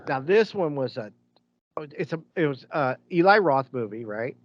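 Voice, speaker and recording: A man's voice: mid-range voice, expressive, normal speed, no echo. A man co-hosting a podcast, chatting casually and rambling through stories with many restarts. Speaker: podcast co-host. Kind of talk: casual chat. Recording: dull lo-fi sound.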